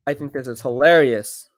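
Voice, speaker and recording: A man hosting a live stream, giving casual commentary, boastful and laughing often, with quick bursts of excitement. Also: medium pitch, no echo, clean studio sound.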